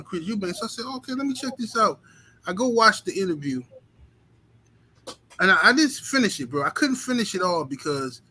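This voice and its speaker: High-pitched, bright-voiced man streaming. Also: a little hiss or hum, low-quality recording. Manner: loose, profane, laughing asides, slangy. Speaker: boxing talk show host. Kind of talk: casual live-stream commentary.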